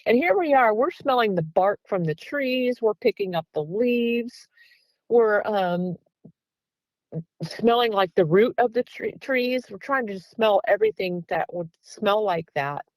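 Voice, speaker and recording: A woman's voice: medium pitch, expressive, measured pace, dry recording, rough recording. A woman, a guest researcher, casually telling a story in an interview and acting out the back-and-forth dialogue, with plenty of "um" and "like". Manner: chatty, with frequent "um" and "like".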